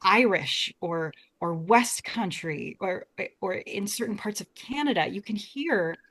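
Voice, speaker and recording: A young adult woman from the United States, appearing as a guest in a casual interview, talks earnestly about Shakespeare and often restarts her words. Her medium-pitched voice is expressive, fairly bright and a little slow.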